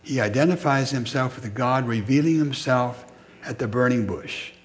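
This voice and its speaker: A medium-pitched male preacher gives his sermon slowly and thoughtfully, with pauses between each short phrase.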